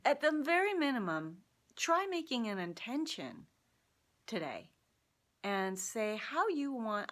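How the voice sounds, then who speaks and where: A woman vlogger telling a personal story to camera in a casual, animated way, laughing often as she talks. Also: on the high side, slow. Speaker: vlogger sharing personal insights. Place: Seattle.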